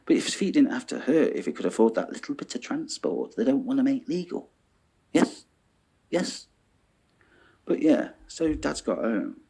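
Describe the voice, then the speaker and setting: Husky man ranting animatedly. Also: medium pitch, moderate pace. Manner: animated, swearing, checks in with "yeah?". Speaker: vlogger. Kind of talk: ranting monologue.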